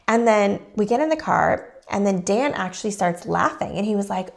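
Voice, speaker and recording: A woman's voice: medium pitch, fairly quick, creaky. A woman telling a personal story in a candid podcast chat, acting out the quotes as she goes. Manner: animated storytelling, acts out quotes.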